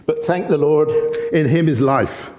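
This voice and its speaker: A man preaching a sermon with impassioned energy, often getting excited and loud. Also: fairly high pitch, measured pace. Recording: long echoey hall reverb.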